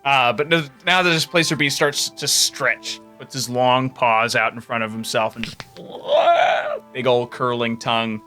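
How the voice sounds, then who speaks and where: A man running a tabletop game as game master, telling the scene with lively storytelling and frequent laughter. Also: mid-range voice, normal speed, soft background music.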